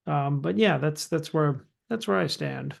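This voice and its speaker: Male podcast co-host, gravelly and a bit high, halting delivery. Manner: hesitant, many restarts. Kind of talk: casual chat.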